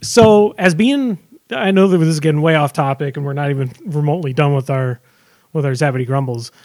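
A man co-hosting a casual chat show, rambling with halting restarts. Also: a little high, darkish tone. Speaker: podcast co-host.

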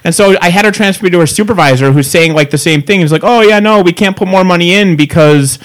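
Talking fast in a high-sitting voice, a man rants through a lengthy angry tale during casual chat, cursing freely and staying animated. A pop filter is on the microphone.

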